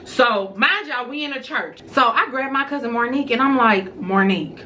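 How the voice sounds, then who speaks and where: A woman vlogger telling a personal story to her viewers in a casual, animated way. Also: high voice, normal speed, a little hiss or hum.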